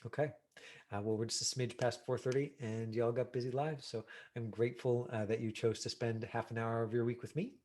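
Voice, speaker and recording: A middle-aged man teaching an online acting class over a video call, talking casually with lots of fillers and lively examples. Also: mid-range voice, fairly quick. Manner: casual, animated, many fillers.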